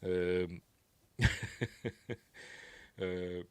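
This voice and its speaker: A man's voice: sits low, completely flat delivery, very slow, dark tone, clear, resonant tone, dry recording. A man with a Yorkshire accent hosting a casual film commentary, rambling and chuckling as he corrects himself. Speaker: host.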